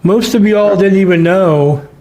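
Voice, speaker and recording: A man's voice: high voice, measured pace, warm tone. A man hosting a livestream, mocking a clip with sarcastic, profane commentary. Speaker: host.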